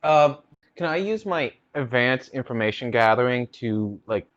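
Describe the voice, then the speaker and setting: A man's voice: medium pitch, lively intonation, normal speed, no room sound, dull audio. A man playing a tabletop role-playing game, talking in a hesitant way and stammering often. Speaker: player. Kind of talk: in-character tabletop role-play.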